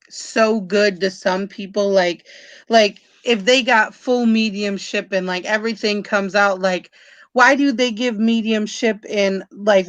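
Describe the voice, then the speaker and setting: A woman in her twenties hosting a casual live-stream chat, telling stories excitedly with lots of fillers. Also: mid-range voice, no room sound. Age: 20s. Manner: excitable, filler-heavy storytelling. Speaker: host, spiritual medium.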